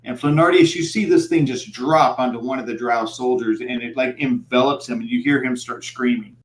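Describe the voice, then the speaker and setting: A man narrating as game master for a tabletop game, in a halting style full of fillers. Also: mid-range voice, roomy sound.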